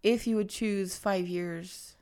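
A woman's voice: mid-range voice, fairly even intonation, slow, darkish tone, clear, resonant tone. A woman co-hosting a casual chat, giggly and playful, often laughing mid-sentence as she tells things animatedly. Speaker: podcast co-host.

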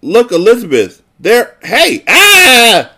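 A man voicing an excitable young girl who squeals and shrieks when she is frightened. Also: mid-range voice, moderate pace, husky.

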